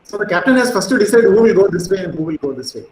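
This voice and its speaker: A middle-aged man giving a physics lecture, animated and storytelling, with frequent fillers. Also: high voice, rapid-fire, echoey room, a little hiss or hum, rough recording.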